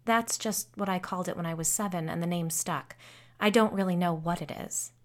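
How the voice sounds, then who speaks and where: A woman's voice: on the low side, fairly quick, lightly acted. A woman voicing a friendly, self-deprecating grown woman who is frightened of something from her childhood, in a storybook reading. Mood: uneasy. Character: nervous grown woman haunted since childhood.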